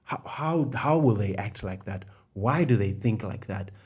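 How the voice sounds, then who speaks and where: Speaking unhurriedly in a fairly low, darkish voice with lively intonation, a middle-aged man co-hosts a faith discussion podcast. He breaks ideas down step by step and repeats the central phrases.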